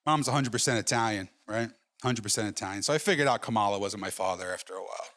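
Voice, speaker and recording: On a comedy club stage before a live audience, a middle-aged man performs stand-up, spinning brash, profane stories dotted with "right?" asides. He talks fast in a lowish, slightly bright voice.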